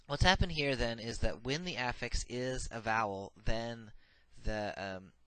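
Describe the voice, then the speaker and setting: A man teaching a recorded grammar lesson, reciting verb paradigms slowly and methodically with frequent filler sounds. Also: mid-range voice, pushed and bright, clear, resonant tone, dry recording, low-quality recording. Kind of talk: recorded lecture.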